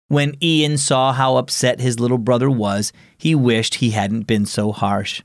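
A man's voice: mid-range voice, steady tone, measured pace, hardly any pauses, no room sound, studio quality. A man hosting a children's devotional program, reading scripted narration and asking the listener friendly questions.

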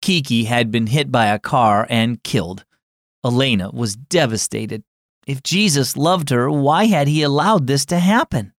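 A man hosting a children's devotional program, narrating a story in a gentle, scripted storytelling manner. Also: medium pitch, lively intonation, unhurried, no room sound, studio quality. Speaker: host and storyteller.

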